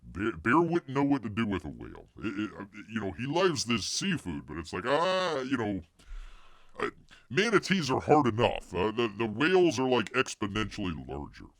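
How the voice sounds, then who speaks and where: Male host, low gravelly voice, lively pitch, rambling jokey delivery, dry close sound. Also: normal speed, no echo. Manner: rambling, jokey, refers to himself as Bear in third person. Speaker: livestream host. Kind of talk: casual news chat reading out chat.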